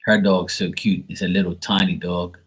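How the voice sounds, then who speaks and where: Husky-voiced male streamer, blunt and profane, casual rambling delivery. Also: sits low, little pitch movement, moderate pace. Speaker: live stream tarot reader. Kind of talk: casual storytelling chat.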